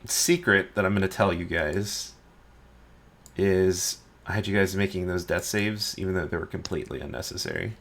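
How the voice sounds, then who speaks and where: A man acting as game master, running a tabletop game in a relaxed, self-deprecating way and counting out moves aloud. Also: low voice, moderate pace, gravelly.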